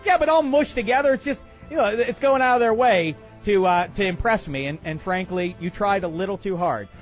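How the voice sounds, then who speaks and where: A man hosting a comedic sports talk radio show, ranting in an excitable, bombastic way with many uhs. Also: high-pitched, fairly quick, highs cut off, faint music behind. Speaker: radio host.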